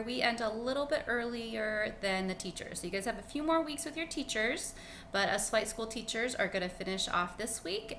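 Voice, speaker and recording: A woman's voice: mid-range voice, pushed and bright, a little hiss or hum. A woman teacher talking cheerfully and chattily to children in an online read-aloud lesson. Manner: cheerful, chatty, talks to kids.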